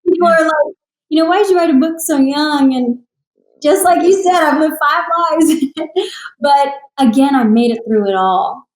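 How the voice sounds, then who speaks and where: A woman's voice: high voice, normal speed. Young woman guest, singer-author, heartfelt candid storyteller in an echoey room. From Texas. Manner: emotional, earnest storytelling with laughs. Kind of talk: candid podcast interview.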